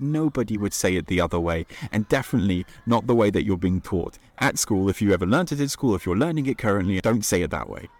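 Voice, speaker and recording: A man with a French accent, a native French speaker, hosting a podcast pronunciation lesson and repeating example phrases slowly and then at natural speed. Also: lowish voice.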